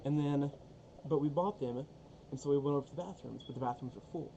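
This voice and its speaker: A man's voice: fairly high pitch, fast talker, vocal fry, warm tone, lo-fi sound, a little hiss or hum. A young man telling a story casually on a vlog, profane and rambling, full of fillers and swearing.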